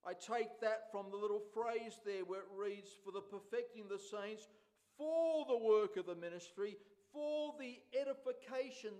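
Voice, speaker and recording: Man, pastor, very high voice, unhurried emphatic sermon delivery. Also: darkish tone. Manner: slow, emphatic preaching with repeated phrases.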